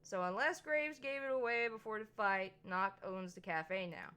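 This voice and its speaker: A woman's voice: mid-range voice, moderate pace, sharp tone, clear, resonant tone, natural voice. A woman voicing a brash young man with a tough big-city attitude, reading lines from a visual novel in a blunt, combative way. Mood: impatient. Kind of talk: visual novel read-aloud with character voices.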